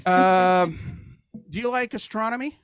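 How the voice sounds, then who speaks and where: A man's voice: sits high, slow pace, smooth, no room sound. Older man doing self-deprecating stand-up. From Argentina. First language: Spanish. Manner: self-deprecating, hesitant with fillers, breaks into silly voices and songs. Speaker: stand-up comedian. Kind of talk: stand-up comedy set.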